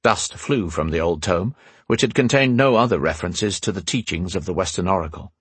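A man reading a fantasy novel aloud in calm, even scripted narration. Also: deep voice, a little fast, slightly rough, no echo. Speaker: audiobook narrator.

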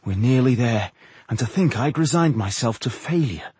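A man voicing a determined young male dwarf leader who talks earnestly and urgently, pitched a bit above his own voice. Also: animated, moderate pace, a little mellow, husky, no echo. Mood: relieved.

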